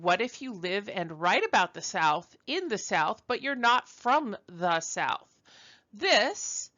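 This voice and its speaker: A woman's voice: mid-range voice, bright, forceful tone, dull audio. A woman from Brooklyn giving a conversational recorded university lecture, chatty and self-deprecating, with frequent ums and uhs. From Brooklyn, New York.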